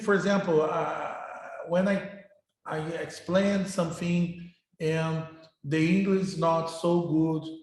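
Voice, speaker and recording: Slow, halting professor in an echoey room. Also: male voice, a little high. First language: Portuguese. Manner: halting, repeats words, earnest. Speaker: university professor. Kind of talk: informal remarks to a class.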